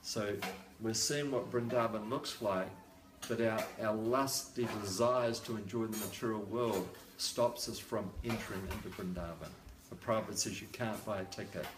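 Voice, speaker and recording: A man's voice: fairly low pitch, normal speed, noisy background. An older man giving a devotional sermon at a home program, repeating phrases for emphasis and adding joking asides. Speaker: lecturer. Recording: echoey room.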